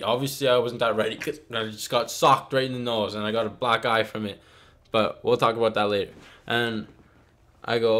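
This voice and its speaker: A man's voice: on the low side, steady tone, normal speed, a bit bright. A young man telling a story casually, rambling and filling his talk with "like" and "okay?".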